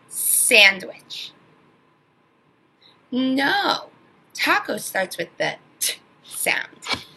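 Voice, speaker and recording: A woman teaching an online phonics lesson to young children, sounding out words slowly and with exaggerated emphasis. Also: sits high, vocal fry, sharp tone, breathy edge, low-quality recording.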